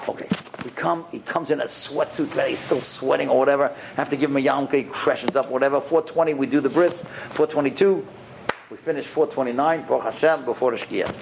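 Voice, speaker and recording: A man who is a rabbi and mohel, telling stories to a group in an animated way and acting out the dialogue himself. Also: medium pitch, a little fast, gravelly, background noise. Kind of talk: storytelling talk.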